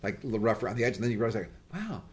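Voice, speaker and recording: A male podcast host with a lively voice that jumps around in pitch. He talks fast and tells his stories in a rambling, jokey, casual way. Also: slight background noise. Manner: animated, rambling, jokey storytelling.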